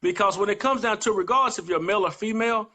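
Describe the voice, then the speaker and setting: A man's voice: high voice, fast, sharp tone. A man co-hosting a live-streamed motivational chat, speaking earnestly and repeating his key phrases for emphasis. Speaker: guest co-host.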